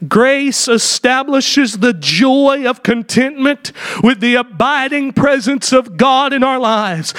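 A pastor preaching a sermon in an impassioned style, rising to shouts. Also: male voice, very high-pitched.

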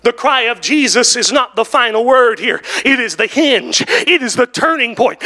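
A man preaching a sermon in church, building to shouts and drawn-out, emphatic phrases broken by "oh" and "hallelujah". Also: extremely high pitch, expressive. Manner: drawn-out emphatic delivery with interjected "oh" and "woo, hallelujah". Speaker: pastor.

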